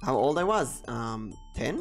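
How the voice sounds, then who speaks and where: A man's voice: mid-range voice, sing-song, unhurried, soft background music. A man streaming a game and chatting casually with friends, teasing and laughing often. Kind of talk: casual let's-play chat.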